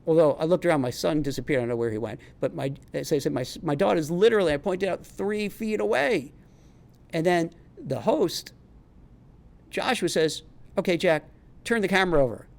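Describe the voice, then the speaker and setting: A chatty middle-aged man with a New York accent and a slightly high voice. He rambles freely, restarting sentences as he talks straight to camera in a homemade vlog. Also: expressive, moderate pace, creaky, darkish tone. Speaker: career advice vlogger and recruiter. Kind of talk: casual homemade vlog monologue.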